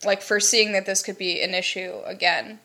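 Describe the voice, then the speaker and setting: A woman co-hosting a podcast in casual chat, giggly and animated as she tells stories. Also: medium pitch, a little fast. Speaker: podcast co-host.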